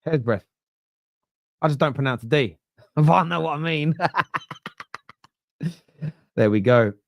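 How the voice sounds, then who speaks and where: A man's voice: a little high, measured pace, vocal fry, no room sound. Cockney man hosting a football watchalong. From East End of London. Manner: chatty and self-mocking, with sudden shouted excitement at chances. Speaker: watchalong host. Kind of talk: live football watchalong commentary.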